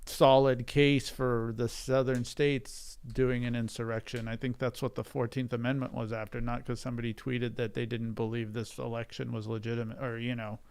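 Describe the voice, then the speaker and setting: A man's voice: mid-range voice, flat delivery, normal speed, gravelly, few pauses, darkish tone, clean tone. A man talking on a podcast panel in a casual, conversational way, with frequent fillers. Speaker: guest.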